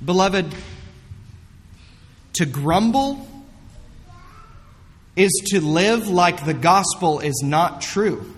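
Male pastor, high voice, slow and emphatic sermon delivery, big echoing hall. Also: animated. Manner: earnest, emphatic preaching with dramatic retellings.

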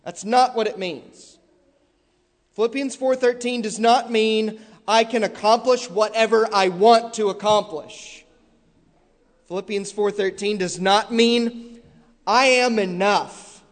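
Male preacher, high voice, slow deliberate delivery, emphatic sermon, long echoing hall reverb. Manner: emphatic, repetitive, building to loud stressed peaks.

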